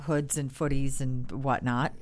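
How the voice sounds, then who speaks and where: A woman's voice: very deep voice, little pitch movement, unhurried, crowd noise. A woman co-hosting a morning radio show, chatting casually with a dry, sarcastic humor and easy laughter.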